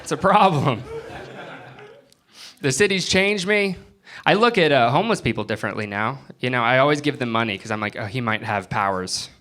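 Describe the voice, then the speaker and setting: A young man from Florida doing a stand-up comedy set on a club stage, acting out people in quick bits. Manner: animated, jumps into high-pitched bits when acting out people. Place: comedy club stage before a live audience. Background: audience laughter.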